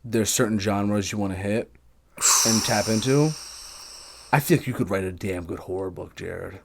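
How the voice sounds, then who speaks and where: A man's voice: on the low side, normal speed, creaky. A man hosting a podcast, chatting casually in an enthusiastic, teasing way. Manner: enthusiastic, teasing, laughs often. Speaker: podcast host.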